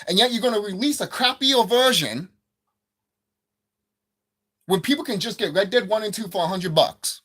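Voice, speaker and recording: Furious about video game pricing, a gaming commentator curses and circles back over the same points, gathering steam. He speaks in a high, somewhat bright voice with lively intonation at a moderate pace, broken by long pauses.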